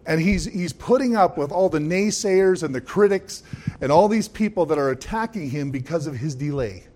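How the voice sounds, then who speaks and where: A man's voice: a little high, a little mellow. A man preaching a sermon, emphatic, with frequent calls of "Amen?" and chuckling asides. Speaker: pastor.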